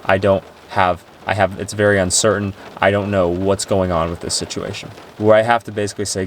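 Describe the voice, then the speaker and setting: A man's voice: low voice, little pitch movement, brisk, hardly any pauses, a little hiss or hum. A man talking earnestly and emotionally to camera about his faith, rambling with restarts and sounding tearful. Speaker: Christian vlogger. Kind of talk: personal faith talk to camera.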